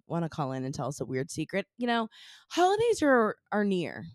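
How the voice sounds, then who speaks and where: A woman's voice: mid-range voice, huge pitch swings, moderate pace, clean tone, no room sound, clean studio sound. A woman co-hosting a podcast, chatting casually and playfully, with lots of fillers. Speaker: podcast co-host. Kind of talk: casual chat.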